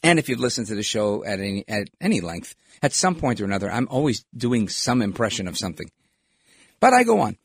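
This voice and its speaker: A middle-aged male talk host with a husky voice who rambles through opinionated political commentary and wanders off on tangents. His pitch swings widely as he talks. The sound is dry and close, with no room around it. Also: fairly quick, dry recording. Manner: rambling, animated, digressive.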